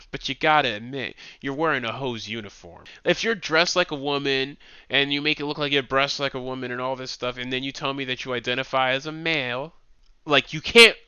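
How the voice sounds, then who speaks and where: Bright-toned man reacting on stream. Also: mid-range voice, smooth, no room sound. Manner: animated, mocking, laughs often. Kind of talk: casual reaction commentary.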